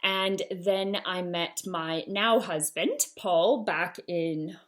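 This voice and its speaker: A woman's voice: on the low side, takes it slowly. A woman in her thirties with a Canadian accent and a slight Glasgow twang, telling her own story on a solo podcast in a chatty, self-deprecating way. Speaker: podcast host.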